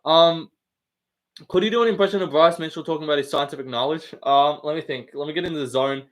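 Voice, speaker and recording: A man's voice: fairly high pitch, quick pace. A man hosting a casual live stream, bantering with the chat, swearing often and laughing.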